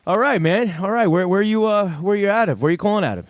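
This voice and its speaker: A man's voice: sits high, expressive, fast. A middle-aged man hosting a call-in podcast, talking loosely and profanely in rambling stories. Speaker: podcast host. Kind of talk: casual call-in chat.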